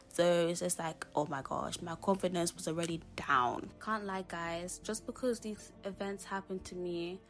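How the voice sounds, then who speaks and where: A young woman from Zimbabwe, talking casually and openly as a vlogger, with many "like"s, and addressing her viewers as guys. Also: on the low side. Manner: casual, fills speech with "like" and talks straight to "guys". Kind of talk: candid personal storytelling. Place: at home, doing her makeup.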